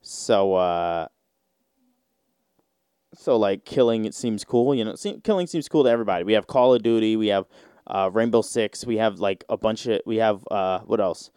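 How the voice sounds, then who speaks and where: A man's voice: fairly low pitch, normal speed, warm tone, clear, resonant tone, no room sound, studio quality. A man hosting a solo podcast, rambling in casual slang with lots of fillers. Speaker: podcast host.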